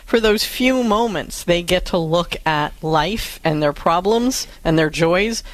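A woman's voice: lowish voice, animated, takes it slowly, no echo. A middle-aged woman co-hosting a call-in advice radio show, speaking in an encouraging way with everyday images.

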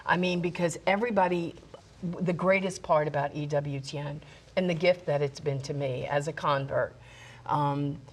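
A woman's voice: low voice, normal speed, slightly rough. A woman co-hosting a talk show, speaking in an emphatic, direct way. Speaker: co-host.

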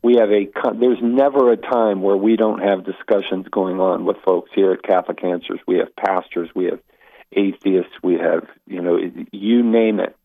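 A man's voice: sits low, moderate pace, gravelly. A man, a Catholic apologist, telling stories as a guest on a radio interview, full of restarts and asides. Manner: animated storyteller with many restarts. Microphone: phone call into radio show. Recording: tinny phone line.

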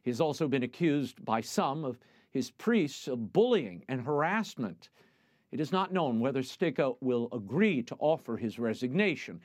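A man hosting a broadcast program, reading the news and interviewing a guest in a measured newsreader manner. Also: mid-range voice, very animated, dry recording. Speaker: TV host.

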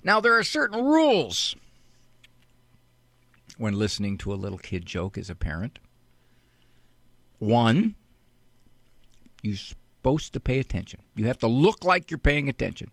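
A man doing stand-up comedy, telling an animated story and acting out scenes. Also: medium pitch, unhurried, gravelly, pauses often, dry recording.

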